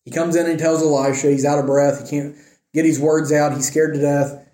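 A man's voice: fairly high pitch, flat delivery, a little fast, warm tone, roomy sound. A man teaching a casual Bible lesson, retelling a scripture story in a conversational way with wry asides.

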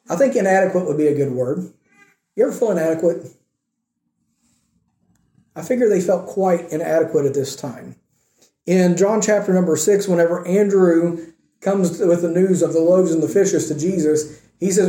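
A male pastor with a high, mellow voice delivers a sermon in a church. He keeps putting questions to the congregation as he preaches. The sound echoes around the room. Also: normal speed, pauses often.

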